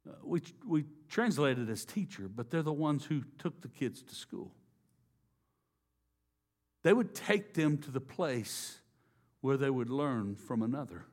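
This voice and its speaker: A man preaching a sermon, slow and deliberate, dropping to a hush on key phrases. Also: mid-range voice, very animated. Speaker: pastor.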